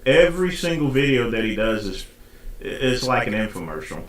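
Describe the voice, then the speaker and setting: A man's voice: medium pitch, very animated, normal speed, echoey room. A man hosting a casual reaction stream, commenting on clips with sarcastic, mocking asides. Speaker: host.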